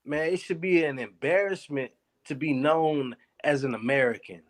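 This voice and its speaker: A man's voice: fairly high pitch, normal speed. A man speaking up in a class discussion, casual and slangy, stammering as he restarts his sentences.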